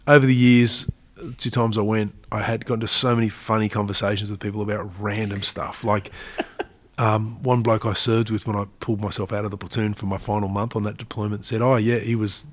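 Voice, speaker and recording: A fairly low, flat voice delivers the stories briskly: he's an Australian in his forties, an army veteran appearing on an interview podcast. He keeps it chatty and casual, laughing frequently as he recounts things.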